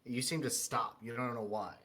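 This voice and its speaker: A man's voice: medium pitch, fairly even intonation, moderate pace, sharp tone. A man narrating a tabletop game as game master, casual and full of "um" and "uh". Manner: casual, with filler "um" and "uh".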